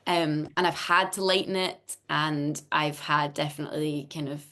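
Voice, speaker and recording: A woman's voice: deep voice, fairly even intonation, moderate pace, sharp tone. A woman with a neutral Scottish accent, a voice actor chatting in an interview over a video call, laughing often and restarting her sentences. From Scotland. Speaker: voice actor guest. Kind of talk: casual interview chat.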